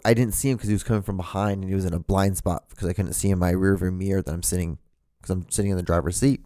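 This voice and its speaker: A man's voice: on the low side, darkish tone, no echo. A man hosting his own podcast, telling a rambling story casually from his room, swearing a lot and filling gaps with "like" and "you know.". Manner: rambling, profane, lots of fillers. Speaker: podcast host. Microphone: talking to a camera.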